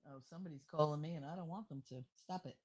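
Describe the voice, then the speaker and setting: A woman hosting her show retells a story at a quick pace, her low voice carrying a breathy edge. She's chatty and animated, quoting dialogue, though she's feeling unwell.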